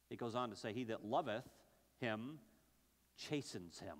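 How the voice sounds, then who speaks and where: A middle-aged man preaching a sermon as pastor, stammering and restarting, with quick bursts and slow, drawn-out scripture quotes. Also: medium pitch, animated. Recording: long reverb from a large hall.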